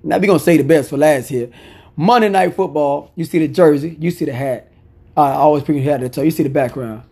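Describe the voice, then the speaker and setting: Man, gravelly, fairly high voice, casual football picks, opinionated, repeats himself for emphasis. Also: brisk, warm tone. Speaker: sports picks commentator.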